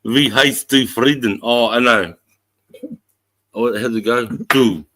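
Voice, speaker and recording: A man's voice: medium pitch, slow, bright, forceful tone. A middle-aged Australian man hosting a casual livestream, greeting viewers in a laid-back, sweary way. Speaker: livestream host.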